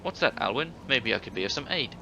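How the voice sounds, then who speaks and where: An earnest young villager. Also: male voice, mid-range voice, lively intonation, fast talker, gravelly, bright, forceful tone. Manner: earnest, inquisitive. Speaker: player character. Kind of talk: video game voice acting. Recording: dull game audio with faint hiss.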